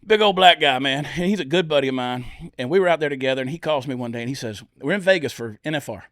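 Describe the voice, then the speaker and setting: A man's voice: medium pitch, quick pace, no echo, studio quality. A man telling wild comic stories as a podcast guest, acting out the voices of the people he quotes. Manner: animated storyteller, lively acted-out quotes. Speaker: comedian guest. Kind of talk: storytelling on a podcast.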